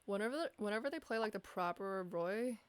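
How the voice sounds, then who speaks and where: This woman speaks in a medium-pitched voice, fairly quickly and with lively intonation, over a slight hiss or hum. As a chess streamer going over her games, she muses aloud, quizzes herself, and jokes about her own errors.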